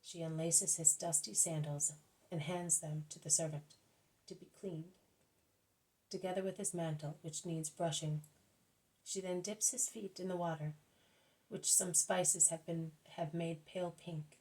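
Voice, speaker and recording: A woman reading a devotional book aloud at a careful, measured pace, now and then correcting herself. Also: lowish voice, steady tone, darkish tone, rough recording. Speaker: audiobook reader.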